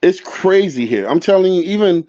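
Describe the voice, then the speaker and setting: A man of fifty talks as a guest in a loose, profane, rowdy way, sliding into a deeper voice whenever he acts out other people. His voice sits high for a man. The audio is dull and lo-fi. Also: animated, normal speed, dark tone, no room sound. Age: 50s. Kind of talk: casual chat.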